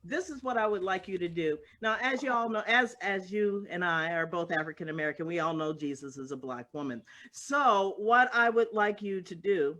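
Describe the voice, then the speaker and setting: A woman playing a casting director in an improv comedy scene, rambling and halting, full of fillers, over a video call. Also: on the low side, expressive, a bit bright.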